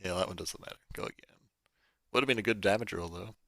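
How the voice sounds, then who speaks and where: A man running a tabletop game, his voice bright and forceful. He narrates in a loose, casual way full of "like" and quick restarts. The sound is close and dry, with no room echo. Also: low-pitched. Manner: casual, filler-heavy narration with frequent "like". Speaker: game master.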